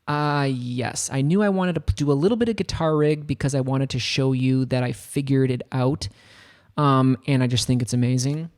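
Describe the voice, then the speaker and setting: A man's voice: medium pitch, moderate pace, darkish tone. An American man chatting casually on a livestream, rambling and upbeat as he works through a music production tutorial. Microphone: studio microphone.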